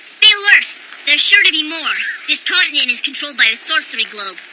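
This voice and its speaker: A woman's voice: sits high, sing-song, noisy background. A woman voicing an arrogant young boy genius scientist in an anime English dub, haughty and dismissive. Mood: alert. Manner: haughty, dismissive, quick to despair. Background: background score.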